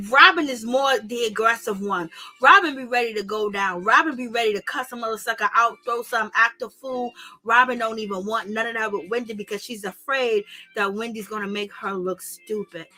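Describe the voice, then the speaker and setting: A woman recapping a reality show in casual, slangy talk, animated and gossipy, laughing often. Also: a little high. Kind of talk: casual commentary.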